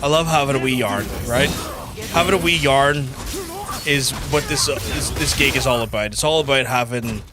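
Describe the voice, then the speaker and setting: A man's voice: medium pitch, moderate pace. A young Irish man chatting casually on a gaming livestream, blunt and sweary, full of restarts and fillers. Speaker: gaming streamer. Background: game music.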